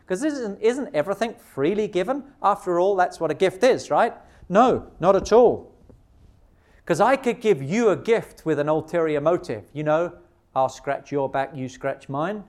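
A man delivers a sermon in a high-pitched voice. He leans on rhetorical questions and drags out key words for emphasis, speaking straight to his listeners. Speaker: preacher.

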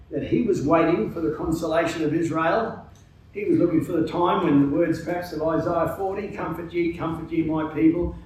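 A man preaching a sermon in a hall, earnest and emphatic, often pausing with "uh". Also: a little high. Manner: earnest, emphatic, with frequent hesitations. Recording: very echoey hall, distant mic, faint noise.

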